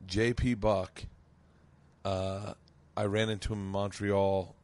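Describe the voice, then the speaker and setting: A man hosting a podcast in loose, casual chat, animated and quick to laugh and swear. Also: fairly low pitch. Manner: animated, laughing, swearing, jumps to side stories. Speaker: podcast host.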